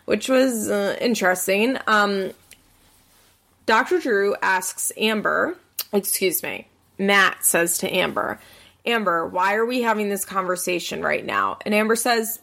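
A woman recapping a reality show in casual chat, swearing and acting out the people she quotes with big jumps in pitch. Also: unhurried, vocal fry, a bit bright.

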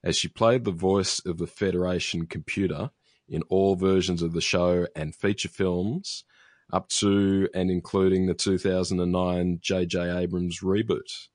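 A man's voice: low voice, dry recording, studio quality. A man co-hosting a podcast, chatting casually and reading out a listener's email, with many ums and restarts. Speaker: podcast co-host.

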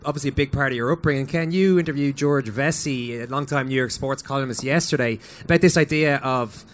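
A man's voice: mid-range voice, brisk, slight background noise. A man hosting a live podcast on a rooftop, putting questions to his guests. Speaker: podcast host. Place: outdoor rooftop bar.

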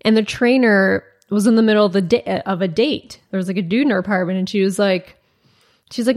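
Woman podcast host, casual storyteller, animated, drops into quoted voices, filler-heavy. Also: medium pitch, normal speed. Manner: animated retelling, acts out quoted dialogue, many "like" fillers.

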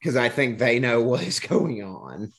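A man co-hosting a casual movie podcast, joking and animated. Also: mid-range voice, unhurried. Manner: jokey, animated, does silly voices. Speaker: podcast co-host.

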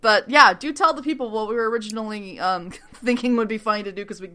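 A woman's voice: fairly high pitch, fast talker, bright, forceful tone. A woman co-hosting a podcast in casual chat, rambling, swearing and laughing often. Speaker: podcast co-host.

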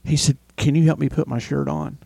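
A man's voice: fairly high pitch, brisk, gravelly, breathy edge, no echo. A man co-hosting a podcast in casual chat, telling stories with lots of acted-out quotes. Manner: animated storyteller who acts out quotes. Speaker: podcast co-host.

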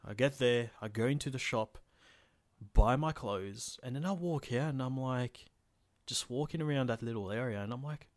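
A man's voice: medium pitch, moderate pace, no echo. A man, telling a story in a casual podcast chat, full of fillers and swearing. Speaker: podcast co-host.

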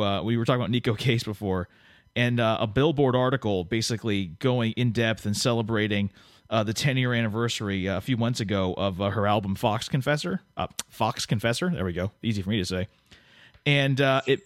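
In a clean, dry studio recording, a podcast host with a medium-pitched voice talks a little fast. He chats casually and jokingly with a guest, rambling through plenty of fillers and restarts.

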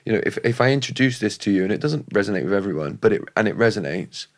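Fast-talking man coaching. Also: on the low side. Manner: fast, animated talker, explaining with examples. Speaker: podcast co-host and coach. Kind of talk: casual podcast conversation.

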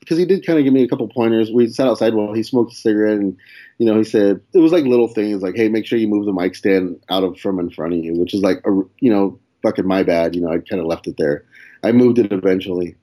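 A young male comedian, here as a guest, rattles off a story fast in a warm, fairly low voice. The chat is casual and laid-back, full of swearing and quoted lines he acts out between laughs.

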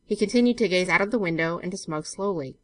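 A woman narrating a classic short story as a volunteer audiobook reader in a measured, even manner. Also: fairly low pitch, dry recording. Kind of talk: scripted narration.

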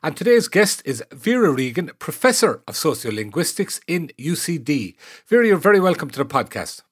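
Older irish guy hosting, husky voice, kinda high, bounces around a lot. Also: brisk. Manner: lively questioning, self-deprecating. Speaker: podcast host. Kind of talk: conversational interview.

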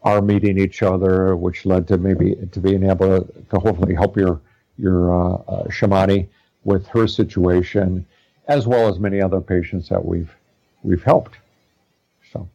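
Low-voiced man rambling warmly. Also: fairly even intonation, normal speed, creaky, highs cut off. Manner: rambling, many fillers and restarts. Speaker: guest, practitioner studying naturopathy. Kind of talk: casual interview chat.

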